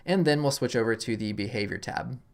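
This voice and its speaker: A man hosting a casual screen-recorded software tutorial, thinking aloud as he clicks, relaxed and self-deprecating. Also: medium pitch, a little fast. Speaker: tutorial host.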